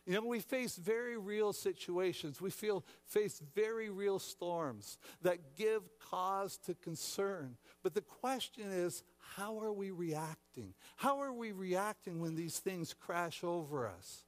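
A man's voice: sits high, animated, normal speed, few pauses. A man preaching a sermon as pastor, repeating words and restarting often, then dramatically acting out frightened voices. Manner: dramatic, acts out shouting disciples.

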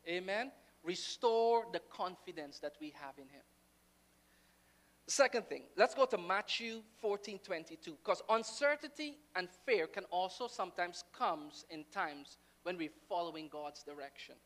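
A woman preaching a sermon, telling the story dramatically and swinging between hushed and loud delivery. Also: medium pitch, animated, normal speed.

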